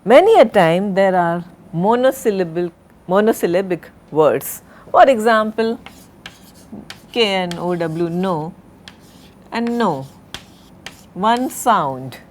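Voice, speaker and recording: Slow, deliberate woman lecturer. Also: medium pitch, lively intonation, a little mellow, a little hiss or hum. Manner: slow, deliberate, spells out and repeats words. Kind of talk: recorded university lecture.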